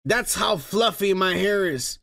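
Gravelly, bright-voiced man joking around. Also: high-pitched, lively intonation, measured pace. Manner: teasing, joking. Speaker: podcast co-host. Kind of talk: casual podcast chat.

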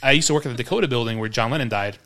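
Male podcast co-host, 30s, quick bright delivery, animated storyteller. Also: mid-range voice. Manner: animated storyteller, acts out his own past reactions. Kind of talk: casual storytelling chat.

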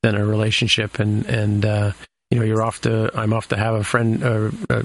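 A man's voice: fairly low pitch, monotone, normal speed. A man casually recapping a TV episode as a podcast co-host, rambling with many fillers and restarts.

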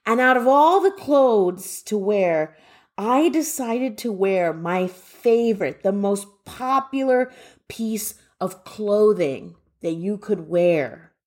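A woman's voice: mid-range voice, takes it slowly. A young woman who grew up in Canada, telling a funny childhood story with playful voices. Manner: lively comic storytelling with mock voices. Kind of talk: told personal story.

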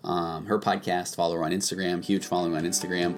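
Male podcast host, very low voice, loose and chatty with ad reads. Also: quick pace, loud music behind the voice. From United States. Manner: relaxed, with frequent ums and uhs. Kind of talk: casual podcast intro and ad reads.

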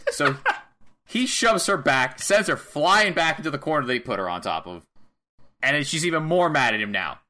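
Bright-voiced man recapping a wrestling match. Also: a little high, lively intonation, moderate pace, long pauses, slight background noise. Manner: laughing, acts out wrestlers' lines. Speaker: podcast co-host. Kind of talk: casual wrestling recap chat.

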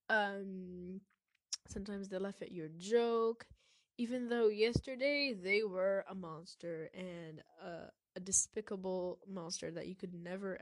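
A woman hosting a solo podcast, talking reflectively with many pauses and fillers while her voice is sick. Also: mid-range voice, darkish tone, no echo. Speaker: podcast host.

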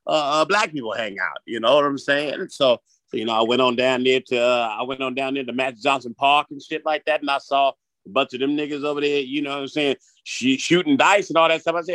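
Fast-talking profane man, dry sound. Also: mid-range voice, fairly bright tone, dry recording. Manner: rambling, profane, repeats himself. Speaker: guest, gardening business owner. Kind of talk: comic interview banter.

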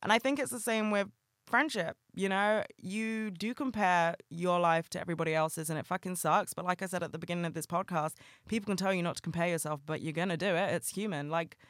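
A woman's voice: fairly low pitch, steady tone, brisk, no echo, studio quality. A woman hosting a solo podcast, talking candidly and emotionally, swearing often. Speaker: podcast host.

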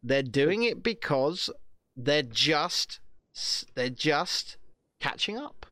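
A man's voice: fairly high pitch, big pitch swings, takes it slowly, sharp tone, dry recording, studio quality. A man co-hosting a podcast, ranting in a sweary, repetitive way. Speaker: podcast co-host. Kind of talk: sweary political rant chat.

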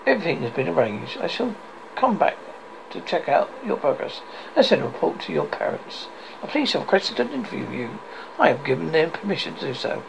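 A man's voice: fairly high pitch, big pitch swings, fairly quick, creaky, background noise, full character voice. A man voicing a fussy, formal embassy official, reading his lines in a stiff, formal manner.

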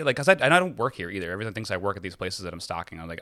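A man's voice: low-pitched, very fast, no room sound, clean studio sound. A man co-hosting a podcast, telling a story in casual chat and cracking jokes. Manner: animated, joking. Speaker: podcast co-host.

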